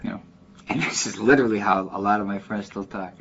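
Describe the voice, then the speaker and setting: A man's voice: lowish voice, fast talker, highs cut off, noisy background. A man with a Chicago accent who reads a short story aloud and then chats loosely about how people talk, with restarts along the way. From Chicago, near West Side. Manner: rambling, with restarts and asides. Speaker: dialect archive speaker. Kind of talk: reading a passage, then casual talk.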